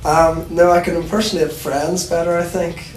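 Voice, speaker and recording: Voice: medium pitch, level tone, moderate pace, low-quality recording. A Northern Irish politician answering light interview questions hesitantly, with many ums.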